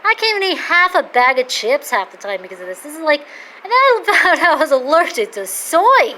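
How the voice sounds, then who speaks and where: Woman, 30s, casual rambling vlog talk, high voice, animated swings, excitable. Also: brisk, low-quality recording. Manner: excitable, rambling, jumps to loud high-pitched outbursts. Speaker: vlogger.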